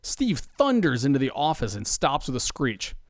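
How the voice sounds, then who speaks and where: Man narrating a comic story, lively pitch. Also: normal speed, no room sound, clean studio sound. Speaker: podcast narrator. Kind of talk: scripted comedic narration.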